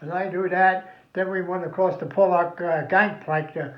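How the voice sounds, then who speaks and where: A man's voice: high-pitched, steady tone, moderate pace. An older man, a veteran rambling through family memories with plenty of swearing. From New Jersey. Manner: rambling, profane, folksy. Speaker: veteran telling family stories. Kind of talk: casual reminiscing. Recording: roomy, dull lo-fi recording.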